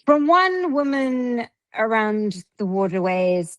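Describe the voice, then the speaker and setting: A Canadian woman co-hosts a casual podcast and reads out a ghost story. Her voice sits somewhat high. She keeps breaking off her reading to scold her pets, and the recording is dry and close. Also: animated, a little slow, no echo, rough recording. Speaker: podcast co-host.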